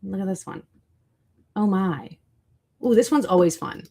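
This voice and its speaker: Chatty woman with a gravelly voice. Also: mid-range voice, a little slow, mellow. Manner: chatty, reacts to chat and searches food online. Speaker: livestream host. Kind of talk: casual livestream chat.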